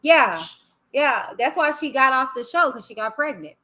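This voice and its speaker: A woman's voice: high-pitched, animated, moderate pace. A woman hosting a live stream, talking bluntly and animatedly in casual commentary. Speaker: livestream host.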